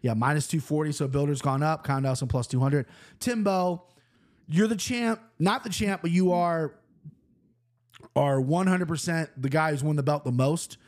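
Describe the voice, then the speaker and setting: A man hosting a fight-betting show, talking in a rambling, profane, animated way. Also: a little high, normal speed. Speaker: host of a fight-picks show. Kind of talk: casual betting chat.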